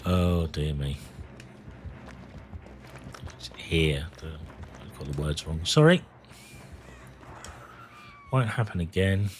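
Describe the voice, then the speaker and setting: A man's voice: rumbling low, lively intonation, slow, pauses often, a little hiss or hum. A man, chatting casually and candidly while streaming a game, rambling and swearing freely. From England. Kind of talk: casual chat while gaming.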